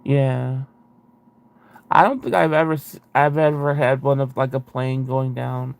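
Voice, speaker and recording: A man's voice: mid-range voice, steady tone, unhurried, gravelly, smooth. A man hosting a casual video chat, reading viewer comments aloud with a rambling, self-interrupting way of talking and frequent laughs.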